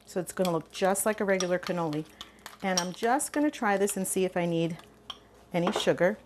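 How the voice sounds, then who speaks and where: A woman's voice: on the low side, brisk, noisy background. An older woman hosting a cooking show, chatting enthusiastically as she demonstrates a recipe.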